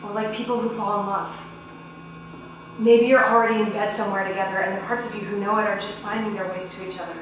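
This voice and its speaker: An actress playing a playful ghost woman who lectures breezily and turns hushed and hypnotic, in a stage play. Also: medium pitch, flat delivery, fast talker, lightly acted. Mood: lecturing. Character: playful dreamy ghost woman, self-styled genius. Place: small theater stage. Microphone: distant room mic. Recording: echoey stage from far off, hum.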